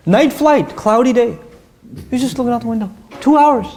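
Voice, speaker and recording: A man's voice: very high voice, normal speed. A man giving a lecture on Quran verses, telling stories with energy and putting questions to his listeners. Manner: animated storytelling, asks the audience questions. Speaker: Islamic teacher.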